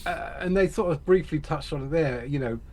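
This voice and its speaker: Rambling, jokey British co-host. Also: male voice, fairly high pitch, fairly quick, a little mellow. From Britain. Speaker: reaction video co-host. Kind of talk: casual reaction chat.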